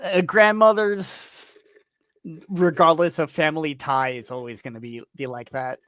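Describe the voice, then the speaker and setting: Hesitant woman player, very low voice. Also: fairly even intonation, measured pace, a bit bright, no room sound. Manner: hesitant, stumbling. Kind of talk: in-character role-play.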